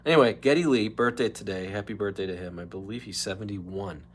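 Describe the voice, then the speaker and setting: A man hosting his own livestream podcast, rambling casually between topics and slipping into quick impressions. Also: lowish voice, slight background noise. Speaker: podcast host. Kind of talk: casual solo livestream chat.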